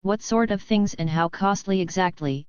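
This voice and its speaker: A woman's voice: lowish voice, normal speed, clean tone, no echo, close to an everyday voice. Brief: cold corporate boss, woman narrator, clipped and serious, dull lo-fi sound.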